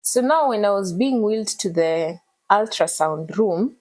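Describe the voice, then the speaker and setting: Woman, thirties, emotional testimony, animated storytelling, interview guest. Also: medium pitch, a little slow, low-quality recording. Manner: earnest, animated retelling with code-switching.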